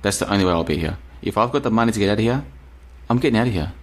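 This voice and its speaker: An Australian man with a fairly low voice hosts a casual live stream and reads out viewers' messages. He talks in loose, rambling runs and hammers his points home by repeating them. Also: animated, racing. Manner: rambling, emphatic, repeats himself. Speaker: podcast host reading live chat. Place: apartment in Bulgaria.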